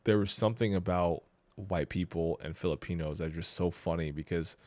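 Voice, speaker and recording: A man's voice: low-pitched, fairly quick, a little mellow, no room sound. A young man co-hosting a podcast, telling stories in casual chat, laughing often and trailing off mid-sentence. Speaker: podcast co-host.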